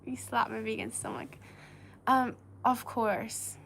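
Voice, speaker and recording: A woman's voice: on the high side, fairly even intonation, slow, gravelly, fairly bright tone. A woman hosting a casual chat, chatty and full of questions, laughing often. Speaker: host.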